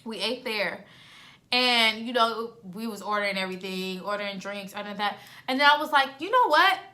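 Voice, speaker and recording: A woman in her twenties tells a storytime vlog in animated, slangy style and acts out both sides of each conversation. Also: medium pitch, brisk. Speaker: vlogger.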